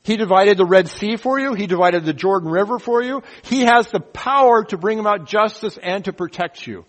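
A man with a slightly high voice teaching the Bible verse by verse. He keeps it animated, firing rhetorical questions and punctuating points with playful sound effects. Folksy, humorous asides break up the teaching. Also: moderate pace, poor audio.

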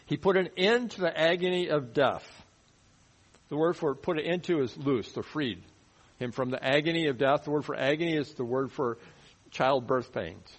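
A man teaching verse by verse through a Bible passage in a conversational sermon, often dropping his voice low to stress a point. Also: moderate pace, rough recording. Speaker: pastor. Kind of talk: expository sermon.

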